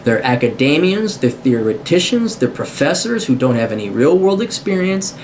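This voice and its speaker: Speaking at normal speed, this video commentator has a somewhat high, darkish voice with big swings in pitch. His off-the-cuff rant to camera is sarcastic, combative, and laced with swearing, and he stammers and restarts mid-sentence over a faint background hiss.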